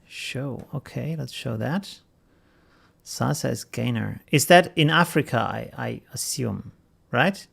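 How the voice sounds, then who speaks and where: A man's voice: medium pitch, expressive, takes it slowly, creaky, fairly bright tone, husky. German man hosting a casual live stream. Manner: greets viewers one by one from a chat, chuckling often.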